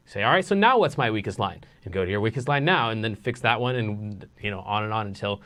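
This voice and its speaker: A man casually teaching songwriting in a live online lesson, relaxed and rambling with restarts. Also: fairly low pitch, fast. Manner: sings nonsense syllables to show rhythm.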